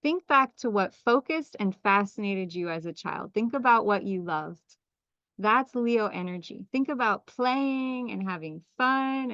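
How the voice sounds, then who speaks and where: An enthusiastic woman leads a live group call, teaching with a lively, questioning manner. Her voice comes through a computer mic, a little dull and lo-fi, with a dry, close sound. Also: on the high side, no room sound. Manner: enthusiastic, animated, asks many questions. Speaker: astrology teacher.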